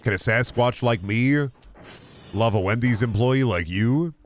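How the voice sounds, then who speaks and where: A man's voice: mid-range voice, measured pace, a little hiss or hum, natural voice. A man voicing a shy, lovestruck male Sasquatch in earnest mock-romantic storybook tones.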